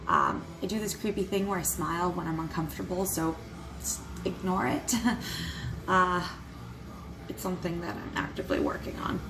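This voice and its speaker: A woman's voice: on the low side, moderate pace, background noise. Candid young woman telling her story. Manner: candid, swears freely, nervous laughs. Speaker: vlogger. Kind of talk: personal storytelling to camera.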